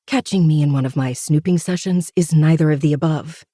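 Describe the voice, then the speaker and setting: A podcast host giving a steady, intimate first-person reading of a novel. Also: medium pitch, fairly quick, no room sound, clean studio sound. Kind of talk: first-person audiobook narration.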